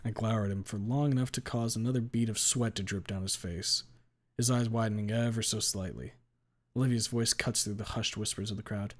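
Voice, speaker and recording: Lower-voiced man reading deadpan. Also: brisk. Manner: deadpan, blunt, swears casually. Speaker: story reader. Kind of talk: first-person story reading.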